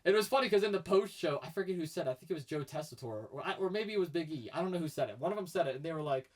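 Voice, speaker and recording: A man's voice: on the high side, animated, racing. A man co-hosting a casual podcast chat, opinionated and rambling, laughing often as he talks. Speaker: podcast co-host.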